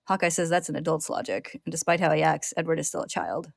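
A woman podcast host retelling an episode in steady, clear storytelling narration. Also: sits low, fast talker, no echo, clean studio sound.

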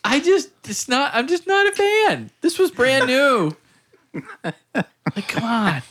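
A man's voice: very high-pitched, big pitch swings, slow, fairly bright tone. A man co-hosting a podcast, playfully telling anecdotes among friends. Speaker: podcast co-host. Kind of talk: casual storytelling.

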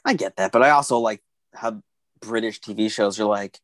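A man in casual conversation, talking in long animated runs and acting out quoted thoughts. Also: on the low side, brisk, no echo. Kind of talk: casual chat about TV shows.

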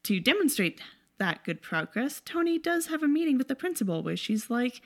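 A woman's voice: high-pitched, sing-song, moderate pace. A woman casually recapping a movie plot in a wry, chatty, sarcastic way.

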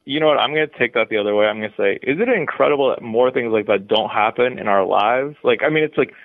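A man's voice: mid-range voice, fast talker, dry recording. A man calling in to a podcast, chatting in a rambling, upbeat way. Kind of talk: casual phone chat. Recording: tinny phone line.

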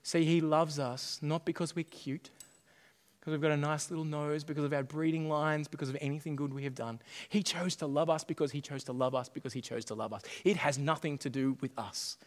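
A man in middle age delivers a sermon in a fairly high voice, lively and playful, doubling back on his words as he goes. His voice rings out with a long reverb, as if he is in a large church hall. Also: a little fast. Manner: animated, jokey, repeats phrases. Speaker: pastor.

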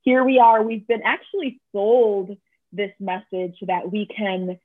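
A woman's voice: mid-range voice, steady tone, unhurried. A woman therapist, a guest on the podcast, speaking thoughtfully and often ending points with rhetorical questions. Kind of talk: casual interview talk. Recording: tinny phone-like call audio.

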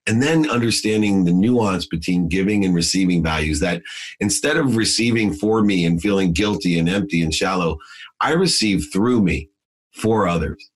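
A man's voice: low voice, normal speed. A middle-aged man telling a personal story in an emphatic, preachy way, then giving motivational advice as a podcast guest.

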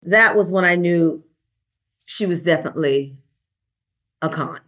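Animated woman telling a story. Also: fairly low pitch, measured pace. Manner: animated, acts out quoted voices. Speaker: guest, life coach and trainer. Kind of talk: casual interview storytelling. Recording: dull lo-fi recording.

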